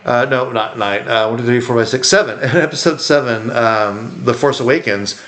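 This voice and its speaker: A man's voice: medium pitch, normal speed, a little hiss or hum. A man co-hosting a podcast in casual chat, rambling and acting out quotes. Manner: rambling, animated, acts out quotes. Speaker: podcast co-host.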